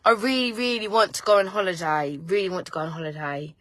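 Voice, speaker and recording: A woman's voice: medium pitch, fairly even intonation, quick pace, no echo. Chatty woman, casual and swearing. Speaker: host. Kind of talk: casual chat.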